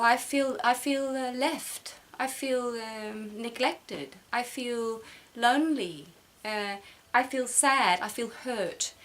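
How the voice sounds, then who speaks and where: A middle-aged woman sharing a personal reflection in a halting way, with many restarts, close to tears. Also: fairly high pitch, a bit bright. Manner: halting, repeats words, emotional. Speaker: vlogger.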